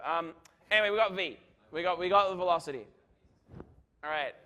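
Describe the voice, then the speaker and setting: A man's voice: high voice, a little fast, bright, forceful tone, dull audio. A man giving a university physics lecture, chatty and joking, checking in with "right?" as he works through equations. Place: lecture hall.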